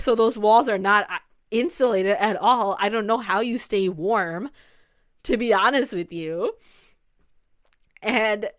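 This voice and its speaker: A woman's voice: mid-range voice, fairly bright tone, clear, resonant tone. A young woman in casual commentary, chatting loosely with many "like" fillers and restarts. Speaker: video essay host.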